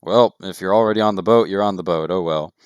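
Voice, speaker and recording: A man's voice: deep voice, fast, smooth, no echo, lo-fi sound, close to an everyday voice. A man voicing a brusque male dockhand who checks a boarding list and barks curt questions in a tabletop game. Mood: puzzled.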